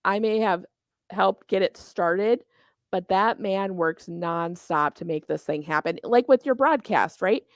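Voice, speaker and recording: A middle-aged woman with a Minnesota accent talks casually in an interview about running tournaments. She is chatty and pokes fun at herself, laughing easily. Her voice is mid-pitched and sits dry and close, with no room around it. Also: dry recording. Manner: chatty, self-deprecating, quick to laugh. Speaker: tournament organizer guest.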